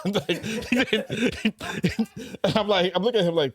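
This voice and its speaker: A man's voice: fairly high pitch, expressive, normal speed. A man co-hosting a podcast, chatting casually and telling stories with joking, laughing asides. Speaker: podcast co-host. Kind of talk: casual storytelling chat. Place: podcast recording room.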